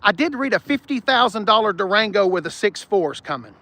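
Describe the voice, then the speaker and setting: A man's voice: high-pitched, expressive, a little fast, bright, forceful tone, dry recording. A man hosting a live car-lot stream outdoors, talking bluntly and joking with viewers, with no microphone and wind hitting the mic. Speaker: car channel host. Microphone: no external mic, wind on the mic.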